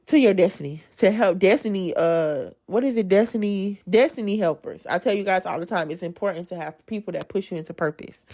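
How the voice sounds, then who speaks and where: Woman preaching to y'all, all fired up, loud then quiet, chatty and casual. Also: on the low side. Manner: amped-up and colloquial, addressing listeners as y'all; swings between loud emphasis and soft asides. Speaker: speaker giving a devotional testimony. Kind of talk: preachy devotional talk.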